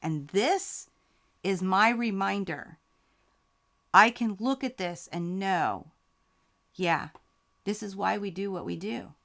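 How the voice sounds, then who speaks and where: A woman's voice: medium pitch, slow, vocal fry, long pauses, fairly bright tone. Emotional woman hosting a live quilting stream. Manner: heartfelt, emotional, grateful, reading viewer comments aloud. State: close to tears. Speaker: quilting channel host.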